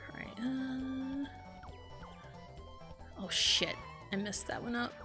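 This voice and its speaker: A young adult woman streaming a party game live, swearing freely and swinging from frustrated yelling to low muttering. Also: slow pace. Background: game music.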